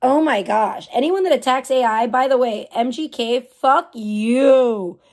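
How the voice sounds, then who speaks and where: A woman's voice: fairly high pitch, measured pace. A woman livestreamer chatting casually and ranting with lots of profanity while reading and answering chat messages. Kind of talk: casual live stream chat.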